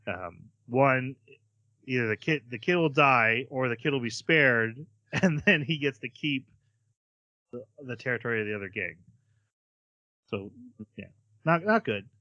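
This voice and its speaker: Bright-voiced man casually recapping. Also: medium pitch, lively intonation, unhurried, long pauses, dry recording, highs cut off. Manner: chatty, hesitant with fillers, acts out quotes. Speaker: podcast host.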